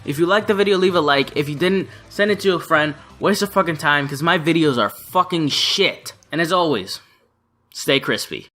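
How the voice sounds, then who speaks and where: Brash, bright-voiced young man telling a story. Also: a little high, a little fast, few pauses, soft background music. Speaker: vlogger. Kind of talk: storytime vlog.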